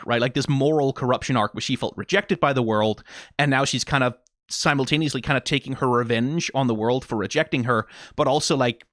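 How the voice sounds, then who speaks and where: A man's voice: medium pitch, fairly bright tone, no echo, studio quality. A man with a Danish accent giving casual, rambling commentary as a reaction YouTuber, swearing and firing off rhetorical questions. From Denmark. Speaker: video game reaction YouTuber.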